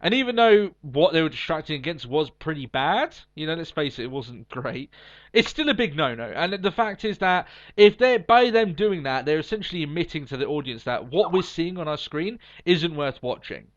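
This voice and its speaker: A fairly high-voiced man co-hosts a casual podcast, ranting bluntly and cursing as he makes his points. The sound is a bit dull and lo-fi. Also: animated, normal speed, a bit bright. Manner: blunt opinionated ranting with swearing. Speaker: podcast co-host. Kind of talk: casual wrestling chat.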